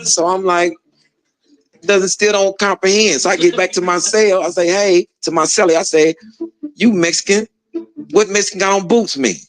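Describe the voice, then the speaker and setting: A man with a fairly high voice recounts a story in loose, slangy talk. He is animated and acts out the other characters' voices, breaking into laughter now and then. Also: moderate pace, soft background music, low-quality recording. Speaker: former prisoner telling a story. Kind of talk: casual storytelling.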